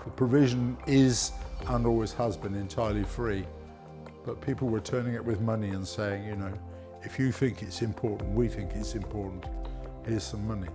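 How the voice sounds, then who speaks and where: A man's voice: fairly low pitch, fairly even intonation, normal speed. A man who founded a community project, speaking passionately and earnestly in a documentary interview. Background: music.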